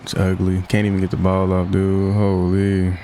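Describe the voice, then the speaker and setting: A man's voice: low voice, monotone, normal speed, dark tone, a little hiss or hum. A young man giving casual commentary over a football video game, often frustrated and venting as he plays. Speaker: gaming YouTuber.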